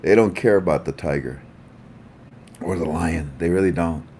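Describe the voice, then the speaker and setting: A man's voice: low voice, normal speed, warm tone, a little hiss or hum. A man hosting a casual livestream, chatting with viewers in a playful, joking, rambling way. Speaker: livestream host.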